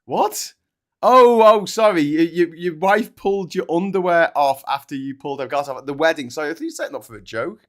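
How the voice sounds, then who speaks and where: A man's voice: a little high, fast, hardly any pauses. A man in his forties hosting a casual livestream chat, joking and laughing as he tells long jokes. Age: 40s. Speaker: host.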